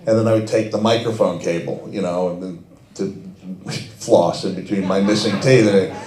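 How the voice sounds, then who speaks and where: A middle-aged man with a fairly low voice tells animated anecdotes at a fan event and laughs often. He restarts and fills his sentences as he goes. His voice echoes around a big hall. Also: normal speed. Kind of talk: anecdotal storytelling.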